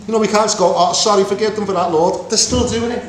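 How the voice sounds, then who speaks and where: A man preaching a Bible teaching, animated and acting out the voices in the story. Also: sits high, fast. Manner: animated, acts out voices of God and Moses. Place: meeting room with congregation. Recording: echoey room with faint ambience.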